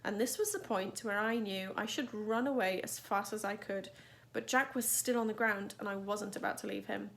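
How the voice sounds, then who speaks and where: A woman teacher reading a novel aloud in a steady, even narration. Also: mid-range voice, moderate pace, vocal fry.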